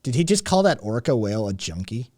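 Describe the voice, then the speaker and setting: A man's voice: mid-range voice, very animated, brisk, a little mellow, a little hiss or hum. Rambling profane man chatting with viewers. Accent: slight Southern drawl at times. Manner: rambling, profane, answers chat. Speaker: podcast host. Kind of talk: casual livestream chat.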